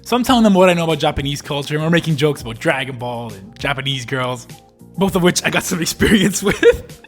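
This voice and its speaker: A man's voice: a little high, animated, quick pace. A young man in his early twenties from Canada, telling a travel story in a laid-back, slangy voice-over. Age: early 20s. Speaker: travel vlogger. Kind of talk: casual voice-over narration. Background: faint background music.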